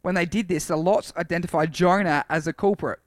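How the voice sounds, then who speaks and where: A man with a slightly high voice reads scripture aloud in a relaxed, conversational sermon. He drifts between steady reading and offhand remarks to the congregation. The sound is close and dry, with very little room echo. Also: fairly quick. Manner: reads scripture aloud with dramatic shouts for quoted lines, chatty asides. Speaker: preacher. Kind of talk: casual sermon with Bible reading.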